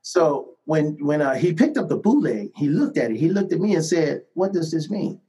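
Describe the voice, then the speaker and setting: A middle-aged man telling stories from his music career in a casual interview, animated and laughing often. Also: on the high side, normal speed, low-quality recording. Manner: animated anecdotes with frequent laughs and repeated "man" and "right?". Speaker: musician guest.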